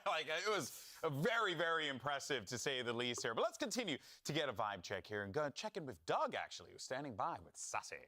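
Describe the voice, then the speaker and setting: Lively, bright-voiced man hosting an esports desk. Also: medium pitch, brisk, few pauses. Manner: lively, laughs often. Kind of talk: esports analyst desk chat.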